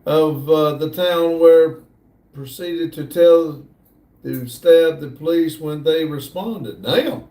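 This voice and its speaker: A man hosting a casual livestream, slowly reading viewer comments aloud in a drawl. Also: fairly high pitch, warm tone. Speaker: livestream host reading chat. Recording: echoey room, distant mic.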